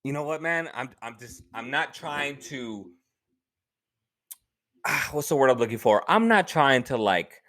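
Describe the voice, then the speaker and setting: A man's voice: mid-range voice, lively intonation, measured pace, long pauses, sharp tone. A man co-hosting a comedy podcast, teasing and delivering one-liners in casual chat. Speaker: podcast co-host.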